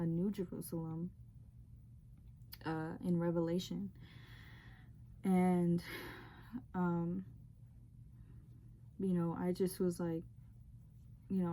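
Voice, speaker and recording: Young female vlogger with a low, mellow voice; earnest, rambling testimony full of fillers. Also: slight background noise. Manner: rambling, heavy use of "like". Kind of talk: emotional personal storytelling.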